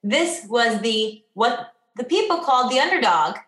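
Woman, interviewer, chatty and expressive, fairly high voice, echoey room. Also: unhurried. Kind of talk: casual interview questions.

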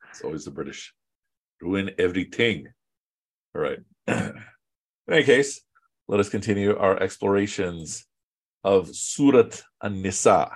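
Male teacher with a deep voice, loose and joking, leads an online class. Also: measured pace, pauses often. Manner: relaxed and joking, with chatty asides.

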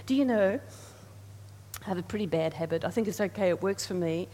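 Speaking quickly in a warm, mid-range voice, a woman gives an earnest sermon full of repeated phrases, drawing call and response from her congregation. The hall is reverberant and a faint hum can be heard.

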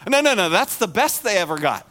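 A man preaching a sermon to his congregation, animated and acting out the words of the people in the story. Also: high voice, a little fast. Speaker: pastor.

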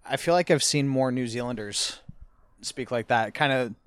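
A man's voice: mid-range voice, moderate pace, smooth, no echo. A man co-hosting a podcast in casual chat, teasing his co-host and laughing often, with casual swearing.

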